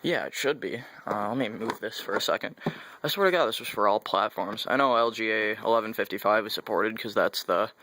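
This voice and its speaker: Rambling young man, low dry voice. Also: brisk, pushed and bright, no echo. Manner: rambling, self-correcting, mildly sarcastic. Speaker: YouTube vlogger. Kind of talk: casual tech hardware overview.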